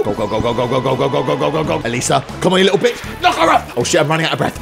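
A young man giving loud, swearing let's-play commentary, breaking into excited shouts. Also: on the high side, fast, gravelly, hardly any pauses. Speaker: gaming YouTuber. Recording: game music behind the voice.

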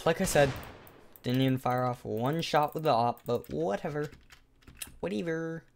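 A young man giving live commentary over his own video game match, in a sarcastic and excitable play-by-play manner. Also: mid-range voice, normal speed, a little hiss or hum. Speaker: gaming YouTuber.

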